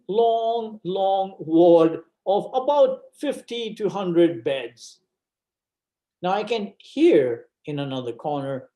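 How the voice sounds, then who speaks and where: A man tells a personal story to an audience, slowly and deliberately. His voice sits a little high, and he leans on dramatic repetition. A roomy hall echoes around him. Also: mellow. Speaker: guest speaker.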